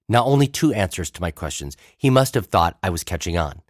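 A man's voice: low-pitched, lively intonation, moderate pace, few pauses, dry recording. Dry-voiced male pastor telling a story. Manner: wry, storytelling delivery. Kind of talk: narrated personal story, read aloud.

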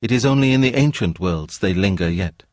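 A gentle, wise woman from an unfallen world, voiced by a man reading aloud, speaking calm and earnest. The voice sits only a little above his own low register. The recording is close and dry. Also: fairly quick, no echo, lightly acted. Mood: serene.

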